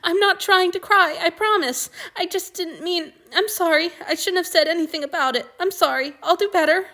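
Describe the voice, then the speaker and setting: A woman's voice: high voice, expressive, slow, a bit bright, voice pushed up, heavily acted. A woman voicing an anxious young man who is crying, stammering and breaking off mid-sentence in an audiobook reading of fan fiction. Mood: pleading.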